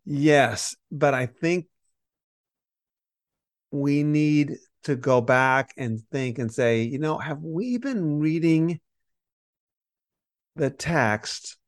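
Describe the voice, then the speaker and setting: A man co-hosting a Bible study podcast, explaining scripture in a lively conversational teaching style and acting out the quoted voices. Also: fairly high pitch, extremely slow, pauses often, dry recording, clean studio sound. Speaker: podcast co-host teaching on Romans.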